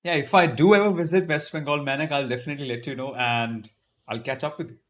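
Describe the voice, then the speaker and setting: A man's voice: medium pitch, fast. A man hosting a casual live-stream Q&A, reading out viewer comments and answering them with chatty, self-deprecating humor. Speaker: YouTube live stream host.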